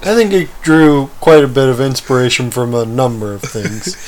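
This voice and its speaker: A man co-hosting a casual rewatch chat, relaxed and agreeable, laughing along. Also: medium pitch, moderate pace. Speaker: podcast co-host.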